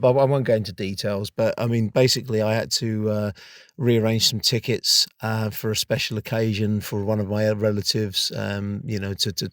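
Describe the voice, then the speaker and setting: Man, lowish voice, dry close sound, halting restarts, fan voicemail. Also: no room sound. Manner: rambling, hesitant, many restarts. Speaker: caller leaving a voicemail. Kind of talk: fan voicemail about football.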